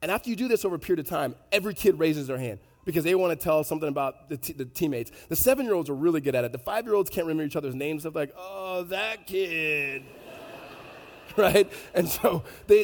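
A man preaching a sermon in a conversational storytelling way, animated, with many fillers and restarts. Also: sits high, long reverb tail. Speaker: pastor.

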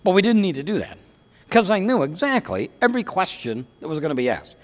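Animated high-voiced male pastor preaching. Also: fairly quick. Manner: animated, conversational preaching with rhetorical questions. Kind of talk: sermon. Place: church sanctuary. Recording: long hall reverb.

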